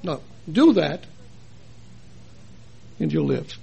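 A man preaching a sermon in a chapel, earnest and full of rhetorical questions, his loudness rising and falling for emphasis. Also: on the high side, big pitch swings, takes it slowly, gravelly, slightly rough.

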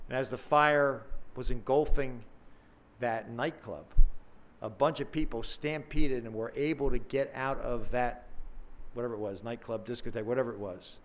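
A man preaching a sermon in a conversational, earnest way, acting out questions with dramatic emphasis. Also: medium pitch.

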